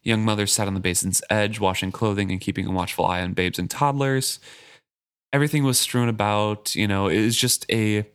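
A man co-hosting a casual book podcast, reading passages aloud and paraphrasing them in a relaxed way. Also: on the low side, a little fast, clear, resonant tone. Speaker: podcast co-host.

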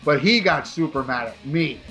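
Guy on a podcast ranting a story, swears a lot, sharp voice, a bit of music in the back. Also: on the high side, moderate pace. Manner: animated, profane, rambling with restarts. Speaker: podcast co-host.

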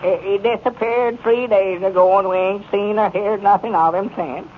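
Fretful country storekeeper, played by a man, rural Arkansas drawl, high voice, halting speech, muffled 1930s radio play. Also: fairly even intonation, natural voice. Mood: on the phone. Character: worried, simple-hearted country storekeeper, male. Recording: muffled 1930s radio broadcast with faint hiss.

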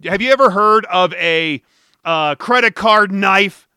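A man's voice: high voice, measured pace, pushed and bright, smooth, no echo, clean studio sound, full character voice. A man doing a stern, humorless security guard.

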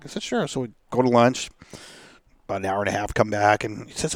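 A man's voice: medium pitch, brisk, no echo. Laughing storyteller man, dry mic. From Seattle area. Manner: animated, acts out quoted voices, laughs often. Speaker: guest telling a car story. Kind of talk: casual storytelling chat.

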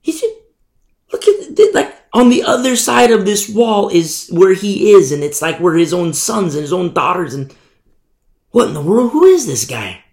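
Animated gravelly man preaching, echoey room. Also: sits high, normal speed. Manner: animated, conversational, acts out little scenes. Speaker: Bible teacher. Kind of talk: sermon.

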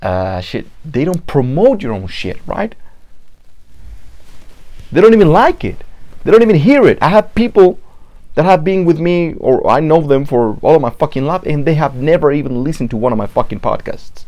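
Podcast host, Mexican Spanish accent, warm dark voice, profane, loose rambling monologue. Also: male voice, a little high, very animated, normal speed. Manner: profane, repetitive restarts, acts out quoted people. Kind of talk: casual monologue.

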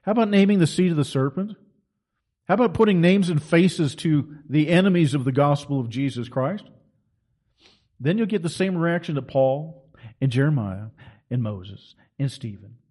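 A man's voice: on the high side, dark tone. A middle-aged man delivering an impassioned, preaching monologue as a Christian commentator, emphatic and full of rhetorical questions.

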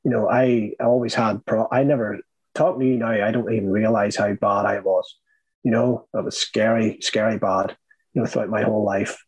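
A man's voice: on the low side, fairly even intonation, moderate pace, a little mellow, breathy edge, no room sound, low-quality recording. A middle-aged man with a Northern Irish accent telling his life story in a rambling, candid way, full of fillers and blunt swearing. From Northern Ireland.

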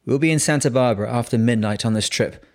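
A man reading the lines of a testy, grumbling old sea captain in his sixties with a gruff, growling voice. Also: medium pitch, fast talker, natural voice. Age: 60s. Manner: bitter, grumbling. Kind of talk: audiobook character voice.

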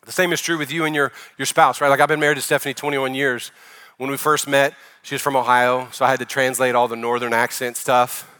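A man in his forties preaching a sermon as pastor, talking to the congregation in a conversational way, swinging from loud emphatic lines to soft, quiet ones. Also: mid-range voice, level tone, a little fast, smooth.

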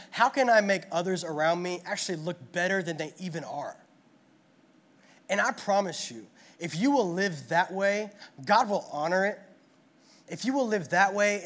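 A man's voice: high-pitched, fairly bright tone. A man preaching a sermon at a church gathering in an earnest, repetitive style full of rhetorical questions. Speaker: pastor.

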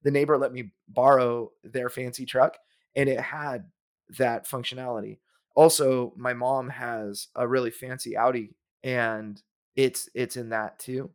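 A man's voice: medium pitch, measured pace. Guy chatting on a podcast, kinda rambly, lots of ums. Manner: relaxed, rambling with restarts and fillers. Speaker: podcast co-host. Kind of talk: casual chat.

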